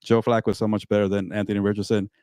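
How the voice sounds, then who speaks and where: A man's voice: lowish voice, little pitch movement, very fast, dark tone, clear, resonant tone, dry recording. Man, sports talk co-host, emphatic rants, dry close sound.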